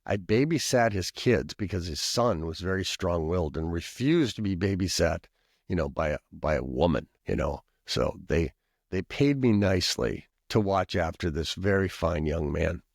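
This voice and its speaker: In this studio-quality, dry recording, the Minnesota pastor and professor has a low, creaky, expressive voice at normal speed. As a podcast guest he rambles through a long personal story, adding asides and coughing often.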